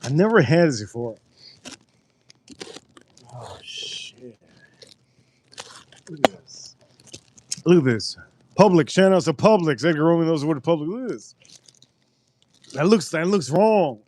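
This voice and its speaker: A man's voice: a little high, animated, moderate pace, slight background noise. Rambling, profane livestream host, a man. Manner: rambling storytelling, loud and profane. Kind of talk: casual livestream chat.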